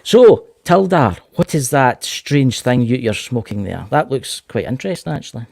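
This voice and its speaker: A man's voice: medium pitch, big pitch swings, moderate pace, vocal fry, darkish tone. A Scottish man hosts a casual livestream chat in an ordinary mid-range voice. He talks in a chatty way, often restarting and repeating his words. The sound is dry, with no room echo. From Scotland. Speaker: host.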